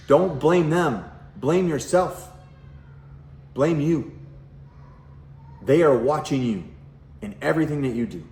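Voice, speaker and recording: A man's voice: a little high, roomy sound. A middle-aged man, a parenting coach, talking bluntly to camera at home with lots of swearing and rhetorical questions. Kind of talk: casual direct-to-camera talk. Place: at home, kitchen nearby.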